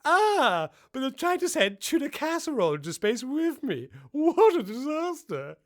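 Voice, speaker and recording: A man's voice: very high-pitched, huge pitch swings, moderate pace, exaggerated voice. A man playing a fussy, fretting astronaut in a comic sketch. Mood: fretful.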